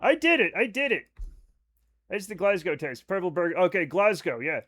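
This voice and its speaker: A man streaming a game live, talking in a high voice with a bright, forceful edge. He rambles and jokes loosely, swearing freely as he chats to his viewers. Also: big pitch swings, moderate pace. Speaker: livestreaming gamer. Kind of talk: casual live-stream chat.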